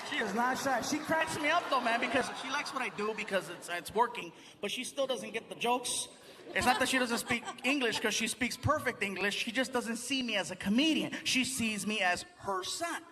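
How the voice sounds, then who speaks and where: High-voiced man doing stand-up. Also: moderate pace, background noise. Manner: animated storytelling with bursts of put-on voices. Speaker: stand-up comedian. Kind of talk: stand-up comedy. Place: large theater stage before a live audience. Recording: live theater recording with loud crowd laughter.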